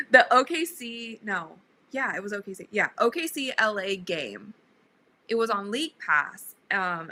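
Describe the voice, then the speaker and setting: A woman's voice: mid-range voice, sharp tone, poor audio. A young woman hosting a casual livestream, chatting with viewers, reading their comments aloud and laughing often, a bit sleepy. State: sleepy, yawning. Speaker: livestream host.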